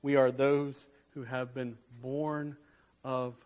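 A man preaching a sermon to his church, slow and emphatic, swelling and dropping in loudness. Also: mid-range voice, level tone, narrow, tinny audio. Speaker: pastor.

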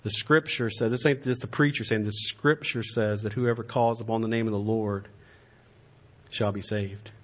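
A man preaching a sermon in a church, swinging from impassioned raised-voice exhortation to soft, pleading appeals. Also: on the low side, steady tone, moderate pace. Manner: impassioned preaching, shouting at climaxes then dropping to a soft plea. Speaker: pastor. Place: church sanctuary.

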